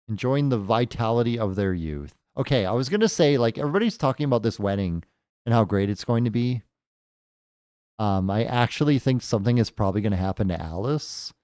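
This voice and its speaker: A man's voice: fairly low pitch, mellow, no room sound, clean studio sound. A man casually commentating as he plays a game for the first time, thinking aloud with jokey asides. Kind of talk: casual let's-play commentary.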